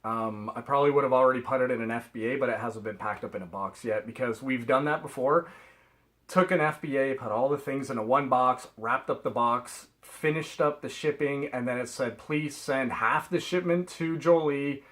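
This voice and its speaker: A man's voice: mid-range voice, fairly quick, fairly bright tone, poor audio. A middle-aged man from Canada, rambling chattily through a haul vlog and laughing at himself. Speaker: reseller vlogger.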